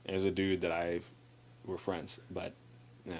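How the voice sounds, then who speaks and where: A man telling personal stories in a casual chat, animated, restarting and repeating words, acting out what friends said. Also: low-pitched, measured pace, slight background noise. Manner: acts out friends' lines in livelier voice.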